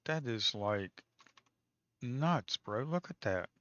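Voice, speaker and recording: Guy calling live trades to his folks, cussing a lot, bright tense voice, slightly muffled. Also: medium pitch, expressive, takes it slowly, no room sound. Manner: casual, swears, talks to viewers as folks. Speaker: day trader streaming live. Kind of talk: live trading commentary.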